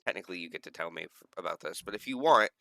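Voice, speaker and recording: A game master narrating a sci-fi tabletop session, rambling and correcting themself as they go. The voice is lively and bright, smooth and clear, close and dry on the mic. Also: deep voice, rapid-fire, no echo. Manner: rambling, many fillers, self-correcting.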